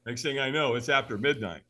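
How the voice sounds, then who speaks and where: A middle-aged man telling stories as a podcast guest, animated and emphatic. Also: mid-range voice, moderate pace. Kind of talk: storytelling in an interview.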